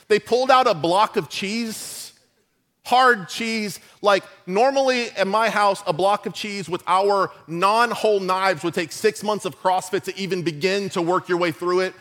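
A middle-aged man preaches a sermon as a pastor. He tells humorous stories and throws lively asides to the congregation. His voice sits high for a man. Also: normal speed.

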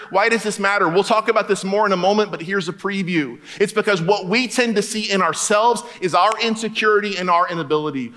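A man with a high, bright voice preaching a sermon. He is animated and joking, and he slips into casual voices for the characters. The tone stays sharp and forward throughout. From Florida. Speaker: pastor.

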